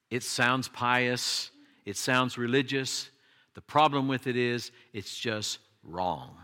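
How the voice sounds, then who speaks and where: A man preaching a sermon, emphatic, his voice jumping high when he quotes cries and pleas. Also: sharp tone. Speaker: pastor.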